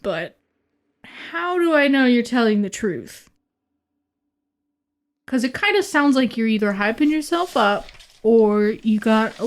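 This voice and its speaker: A woman player role-playing in a tabletop game, excitable and quick to swear. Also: fairly high pitch. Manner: excitable, swears often, laughs a lot. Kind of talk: in-character tabletop role-play.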